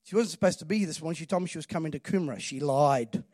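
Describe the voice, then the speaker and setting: A man's voice: a little high, very fast, darkish tone, no room sound, studio quality. A man preaching a sermon, emphatic and calling on the congregation to respond. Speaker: pastor.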